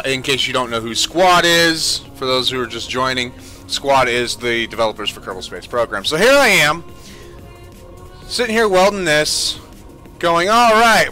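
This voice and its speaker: Lively, bright-voiced exasperated gamer man. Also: mid-range voice, a little slow, soft background music. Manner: exasperated, swears freely, ranting. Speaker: gaming streamer. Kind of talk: gameplay commentary.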